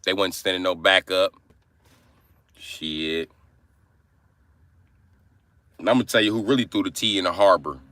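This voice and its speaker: A man's voice: deep voice, a little slow, long pauses, sharp tone. A man ranting crudely on a comedic live stream, rambling and profane.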